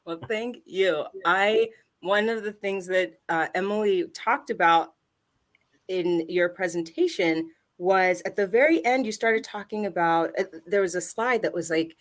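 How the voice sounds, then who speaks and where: A woman co-hosting a casual podcast who chats in a loose, rambling way. She laughs often and pokes fun at herself. She has a mid-pitched voice. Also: measured pace. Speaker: improv performer, co-host.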